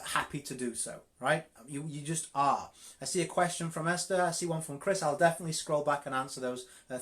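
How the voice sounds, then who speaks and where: A man's voice: a little high, fairly bright tone. A man with a Yorkshire accent giving a live-streamed network marketing coaching talk, direct and emphatic, often repeating words for stress. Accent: Yorkshire English.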